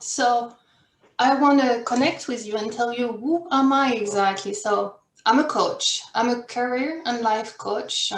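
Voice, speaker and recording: A woman's voice: on the high side, reverberant. A woman in her forties with a French accent, giving an earnest online workshop talk as a life coach, full of fillers and restarts. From France.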